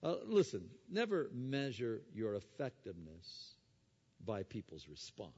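A man preaching a sermon. He moves between quiet explanation and loud, emphatic preaching, and he asks the audience rhetorical questions. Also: on the low side, wildly swooping pitch, unhurried, breathy edge. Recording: dull sound with long hall reverb.

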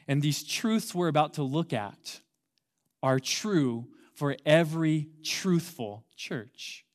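A man in his thirties preaching a sermon as a youth pastor, conversational at first and then emphatic, repeating key words for force. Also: on the high side. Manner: conversational storytelling opener.

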